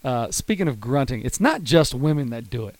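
Animated man telling a story. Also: medium pitch, brisk, no echo. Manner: animated storyteller, laughs hard at his own story. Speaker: podcast co-host. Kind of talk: casual chat, storytelling.

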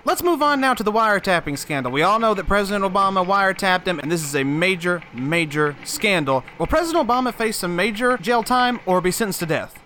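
A man putting on a blustering, smug fake news anchor who talks high and bright, swinging his voice all over. He waves off every problem with pushy insistence, and faint music sits underneath. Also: animated, brisk, few pauses, slight background noise. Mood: insistent. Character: man posing as the podcast host, boastful political impostor.

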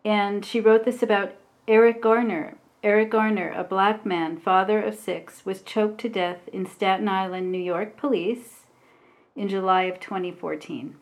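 Slow, soft-spoken woman meditation teacher. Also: mid-range voice, steady tone. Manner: slow, hesitant, with pauses and fillers. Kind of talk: Dharma talk.

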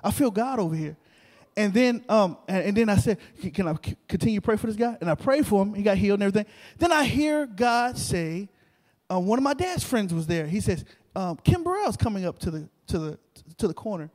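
Male preacher, high voice, animated storytelling sermon in a church hall with a long echo. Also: fairly quick. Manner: animated, repetitive, talks to the crowd. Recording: long reverb of a large hall.

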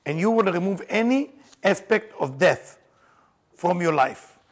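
A man with a high, slightly slow voice teaches a group about the Passover seder. He's an animated storyteller, joking and laughing often and shouting for emphasis in this lively teaching talk.

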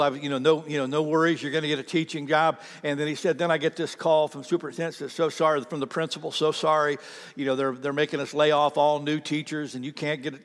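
High-voiced impassioned male preacher in a reverberant hall. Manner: impassioned preaching, rising to near-shouts and dropping to quiet. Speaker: pastor. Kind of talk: sermon. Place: church sanctuary.

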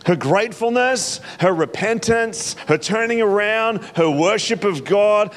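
A man preaching a sermon, animated and acting out reactions. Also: high voice, a little slow. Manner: animated, acts out reactions with laughs. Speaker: pastor.

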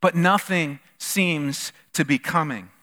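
Speaking slowly in a fairly high voice, a preacher tells lively stories from the pulpit of a church hall and acts out the voices of the people in them. The hall gives his voice a big-room sound.

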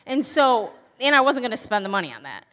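Lively woman telling a story, voice jumps all over, long echo around her. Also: fairly high pitch, fairly quick. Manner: animated, exasperated comic storytelling. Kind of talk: casual personal anecdote. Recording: long hall reverb.

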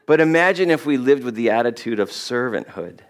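A middle-aged man preaching a sermon as a pastor, chatty and informal in tone. His voice sits at an ordinary pitch, then leaps high and loud when he plays the people in the story. He talks to the congregation as if chatting with friends. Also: expressive, brisk. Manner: conversational, acts out quotes with jumps in pitch.

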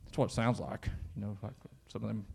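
A man's voice: fairly low pitch, steady tone, a little fast, creaky, slight background noise. A man with a Kentucky accent, preaching a sermon in church in a conversational style that rises into fervent emphasis. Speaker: pastor.

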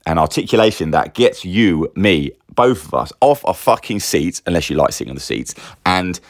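Middle-aged man, very deep voice, rambling and animated, close dry mic. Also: normal speed, no room sound. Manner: rambling, animated, frequent restarts. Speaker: business owner vlogger. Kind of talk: casual personal monologue.

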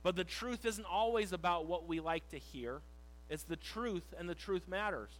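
A male pastor preaching a sermon, reading scripture slowly and shifting between loud emphasis and quiet. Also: high voice, low-quality recording.

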